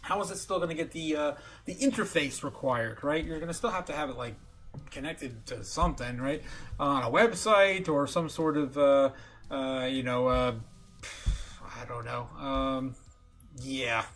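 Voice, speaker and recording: A man hosting a casual livestream, talking excitably with lots of fillers and chuckles. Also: fairly high pitch, a little slow, faint music behind. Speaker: livestream host.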